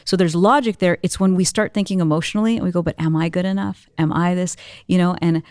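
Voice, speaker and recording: A woman's voice: lowish voice, fairly even intonation, fast talker, a little mellow, no room sound. A young woman talking as an entrepreneur guest in a casual interview, telling her story earnestly and with animation, full of little fillers.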